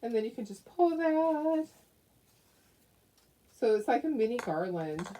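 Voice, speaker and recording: Chatty, giggly woman craft host, bright higher voice with lots of ups and downs, a bit distant from the mic. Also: sing-song, a little slow, slight background noise. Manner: chatty and giggly, talks to viewers. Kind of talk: casual craft demonstration.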